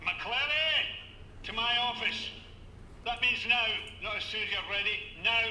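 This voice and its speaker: A curt, barking rig boss. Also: male voice, extremely high pitch, a little slow, pushed and bright, a little hiss or hum, exaggerated voice, low-quality recording. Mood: commanding. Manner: curt, commanding. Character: bossy male rig boss, barking orders. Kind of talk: video game voice acting.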